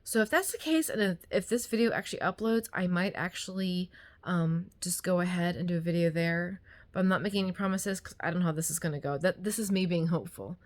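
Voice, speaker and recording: A woman's voice: lowish voice, fast. A woman casually chatting to camera about her thrift store finds at home, rambling with lots of ums and likes, a little out of breath, recorded on a handheld phone. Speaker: vlogger showing a thrift haul. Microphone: phone held in hand.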